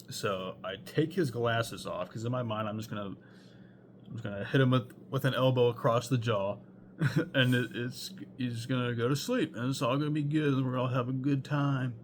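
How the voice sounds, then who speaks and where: A man's voice: mid-range voice, fairly even intonation, moderate pace, slight background noise. A young man telling a rambling storytime anecdote, full of fillers and swearing. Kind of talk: casual storytime monologue.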